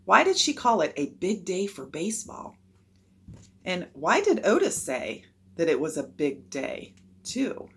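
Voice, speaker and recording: A woman's voice: lowish voice, sing-song, unhurried, fairly bright tone, slightly rough, full character voice. A woman voicing a curious, earnest young boy who wonders aloud in his thoughts. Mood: puzzled.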